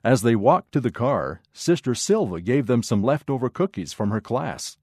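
A man narrating a children's story in an expressive, measured way. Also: medium pitch, no echo, studio quality.

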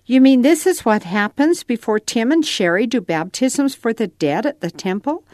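A woman doing an eager, high-voiced young boy. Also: normal speed, dry recording, clean studio sound, lightly acted. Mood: curious. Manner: high-pitched, excited questions. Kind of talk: storybook read-aloud.

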